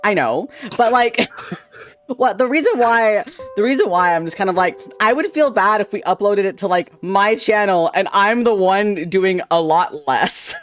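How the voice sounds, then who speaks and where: A young adult streamer in casual chat, giggly and teasing, with sudden bursts of excitement. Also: mid-range voice, a little slow, soft background music.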